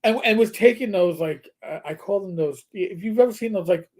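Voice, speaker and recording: A man's voice: high-pitched, brisk, darkish tone. A middle-aged man co-hosting a casual chat, telling rambling stories full of restarts and silly voices. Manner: rambling storyteller, frequent restarts and voice impressions. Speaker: co-host.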